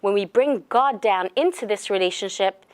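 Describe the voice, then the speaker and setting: A woman's voice: mid-range voice, normal speed. A woman giving a religious lecture in a conversational style, telling stories with fillers and restarts. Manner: conversational, animated storyteller. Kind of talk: lecture with storytelling.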